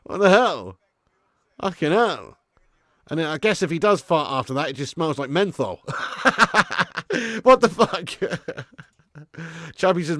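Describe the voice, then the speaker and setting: A man's voice: medium pitch, no echo, studio quality. A man hosting a casual live stream from his garage, reading viewer comments with laddish, swearing banter. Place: home garage studio.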